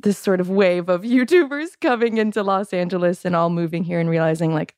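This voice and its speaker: A woman's voice: fairly low pitch, a little fast, darkish tone, smooth, dry recording, studio quality. A woman in her twenties from Illinois, a podcast guest talking in a thoughtful, chatty way. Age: 20s. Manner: thoughtful, hedging with fillers. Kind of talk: casual podcast chat.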